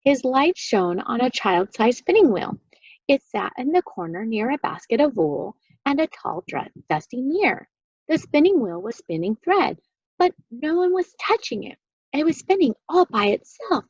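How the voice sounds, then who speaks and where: A woman reading a children's book aloud with expressive, animated storytelling. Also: sits high, moderate pace, husky, dry recording, lo-fi sound. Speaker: reader.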